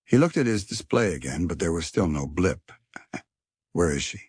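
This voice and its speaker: Deep husky male storyteller. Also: very animated, brisk, a little mellow, dry recording, studio quality. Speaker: narrator. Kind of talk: storybook narration.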